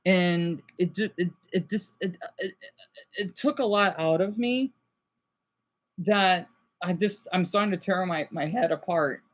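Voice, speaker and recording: A man's voice: sits high, unhurried, muffled recording. A man streaming live and reacting, rambling and agitated, stammering and restarting his sentences and apologizing often, sounding stressed and overwhelmed. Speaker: livestreamer. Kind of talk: rambling livestream reaction commentary.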